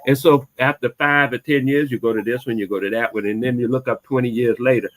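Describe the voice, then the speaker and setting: A man talking loosely on a podcast, wandering through a story and swearing as he goes. His voice sits at an ordinary pitch for a man. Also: steady tone, quick pace, low-quality recording. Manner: rambling storyteller, swears freely. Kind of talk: casual chat.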